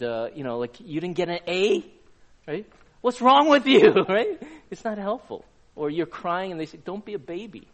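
A man preaching a sermon to a live audience, talking in a conversational way and putting questions to the crowd. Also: high-pitched. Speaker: pastor.

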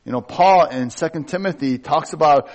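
A man's voice: on the high side, normal speed, darkish tone. A middle-aged man, a pastor, giving a conversational sermon in a candid, personal way and joking about himself.

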